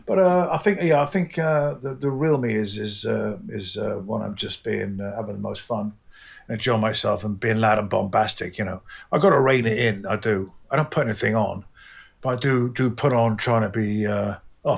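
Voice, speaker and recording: A man's voice: on the low side, moderate pace, gravelly, slightly rough. A middle-aged man with an English accent, a comic book artist talking loosely and animatedly in an interview, swearing freely and sometimes mimicking voices. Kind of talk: casual interview chat.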